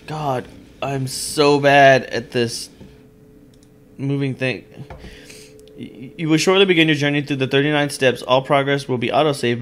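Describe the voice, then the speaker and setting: A man playing a game, chatting casually, reading the on-screen text aloud and swearing now and then while joking about himself. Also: medium pitch. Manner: self-deprecating, chatty. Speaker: let's play host. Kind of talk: casual gameplay commentary.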